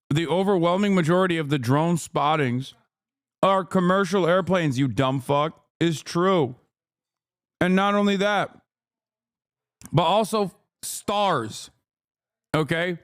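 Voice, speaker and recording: Smooth-voiced sarcastic male streamer. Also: fairly high pitch, slow pace, long pauses. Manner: combative, sarcastic, profane. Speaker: livestream host. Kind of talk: livestream reaction commentary.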